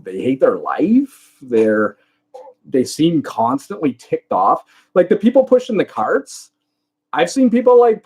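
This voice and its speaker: Canadian male vlogger, somewhat high-pitched, casual rambling live-chat storyteller. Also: darkish tone. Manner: rambling anecdotes with many fillers.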